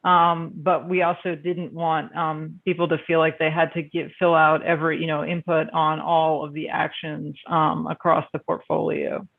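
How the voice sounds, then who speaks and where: A man walks colleagues through a survey spreadsheet on a video call, stumbling over his words with constant fillers and restarts. His voice sits a little high with a gravelly edge. The sound is narrow and phone-like. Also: little pitch movement. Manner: halting, many fillers and restarts. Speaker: meeting presenter. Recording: phone-like band-limited video call audio.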